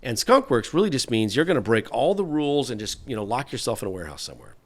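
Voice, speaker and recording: A man's voice: mid-range voice, very animated, fast talker. A man in his fifties, a guest on an interview show, telling long stories with loose, rambling phrasing and many fillers. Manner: rambling, anecdotal, frequent "you know" fillers. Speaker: guest, former automotive engineer. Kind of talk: storytelling interview answers.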